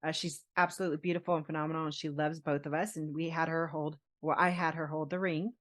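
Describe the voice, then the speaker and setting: A woman in her forties, a podcast co-host, telling a personal story in an animated, laughing way. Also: low voice, fast talker. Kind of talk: casual storytelling chat.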